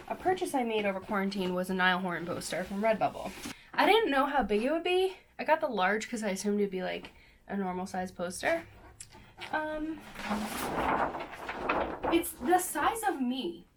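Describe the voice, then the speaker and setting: A woman's voice: medium pitch, expressive, moderate pace, pauses often, a little hiss or hum. A young woman chatting casually to her camera in her bedroom, bubbly and self-deprecating. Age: young adult. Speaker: vlogger. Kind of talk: casual vlog chat. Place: bedroom at home.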